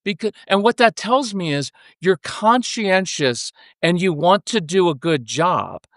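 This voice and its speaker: A middle-aged man talking as a podcast guest about parenting, animated and acting out little scenes of parent and child. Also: high-pitched, a little slow, no echo, clean studio sound. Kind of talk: casual interview conversation.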